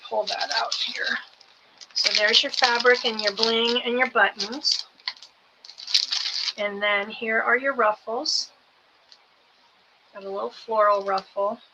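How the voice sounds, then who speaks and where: A woman hosting a live selling show, going through each craft kit item by item in an unhurried way. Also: medium pitch, flat delivery. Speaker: host selling craft kits. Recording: background noise with clicks.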